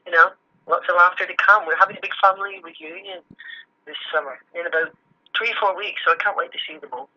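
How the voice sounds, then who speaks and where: A woman's voice: on the low side, fairly even intonation, fast talker, pushed and bright. A woman on a video call, chatting bluntly and joking with feeling as an interview guest. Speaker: interview guest, film crew member. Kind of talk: casual interview chat. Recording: muffled phone-like line.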